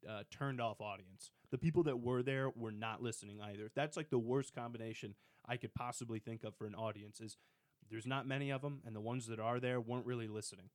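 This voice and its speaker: A man's voice: medium pitch, steady tone, a little fast, dry recording. A young man co-hosting a casual podcast in a studio, teasing and rambling with frequent laughs. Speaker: podcast co-host. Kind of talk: casual chat.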